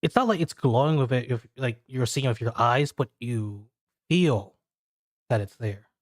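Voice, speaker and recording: A man narrating as a game master in a descriptive, halting way, full of fillers. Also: mid-range voice, animated, no room sound, clean studio sound.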